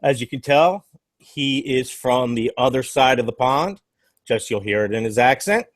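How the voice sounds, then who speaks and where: A man's voice: medium pitch, moderate pace, no room sound. Brief: middle-aged American man, podcast host, easygoing and jokey, mid-range voice, dry close sound. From mid-Atlantic United States. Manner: laid-back, jokey, says "man" and "dude". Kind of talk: casual chat.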